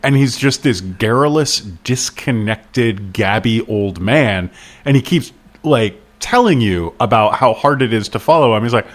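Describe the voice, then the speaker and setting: A man's voice: medium pitch, expressive, unhurried. A man co-hosting a casual book podcast, wry and self-deprecating as he picks apart a mystery novel. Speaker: podcast co-host.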